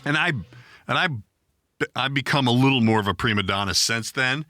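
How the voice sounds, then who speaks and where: Middle-aged male podcast host, profane self-deprecating storyteller, bright tone, dry booth. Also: mid-range voice, moderate pace, no room sound. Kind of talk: casual storytelling chat.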